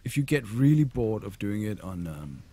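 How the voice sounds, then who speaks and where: Laid-back low-voiced gaming man. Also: very animated, normal speed, dark tone, husky, no room sound. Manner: laid-back, rambling, with fillers. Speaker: gamer commentator. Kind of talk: casual gameplay commentary.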